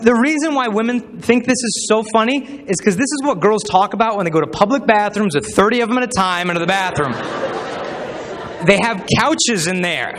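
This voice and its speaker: A man's voice: sits high, brisk, fairly bright tone. A young man giving a live talk to a crowd, telling stories with humor and acting out the people he quotes. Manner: humorous storyteller who acts out quoted voices. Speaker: speaker at a chastity talk. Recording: long hall reverb from a live talk.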